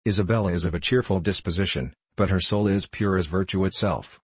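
Solemn young princess read by a man, deep husky voice, dry close sound. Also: no echo. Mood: grave. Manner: measured, solemn reading. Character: young princess Matilda, pious, grave, dutiful.

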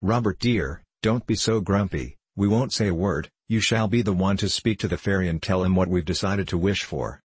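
A polite, soothing storybook girl who coaxes gently, as a man reads her part. His tone stays low and a little husky in a dry, close sound. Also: moderate pace, few pauses, dry recording. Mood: coaxing. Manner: polite and coaxing.

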